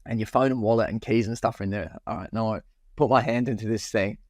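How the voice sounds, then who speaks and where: A man's voice: lowish voice, fairly even intonation, fast talker, no room sound, clean studio sound. A young man, co-hosting a podcast and telling a rowdy night-out story in casual chat, swearing freely and acting out his own past lines. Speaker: podcast co-host.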